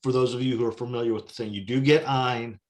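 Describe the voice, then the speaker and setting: A man in casual chat, speaking haltingly with frequent restarts. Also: medium pitch, fairly even intonation. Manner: halting, restarts often, agreeable.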